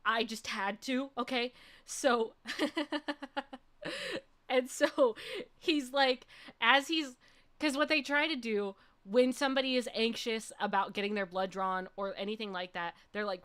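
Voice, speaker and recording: A woman's voice: on the high side, a bit bright. A young adult woman streamer telling a personal story in casual chat, laughing often and ending points with "okay?". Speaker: vtuber streamer.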